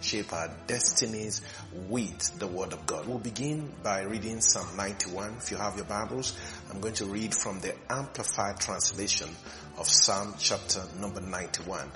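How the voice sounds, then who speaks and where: A male pastor preaching slowly and emphatically, repeating phrases with rising fervor. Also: fairly low pitch, music in the background. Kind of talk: sermon.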